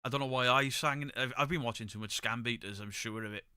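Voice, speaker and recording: Man, live stream host, bright forceful voice, dry close mic, chatty and blunt. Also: medium pitch, quick pace, smooth, no echo. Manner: chatty, opinionated, swears freely. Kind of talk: casual live chat reading comments. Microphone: desk microphone, pulled close.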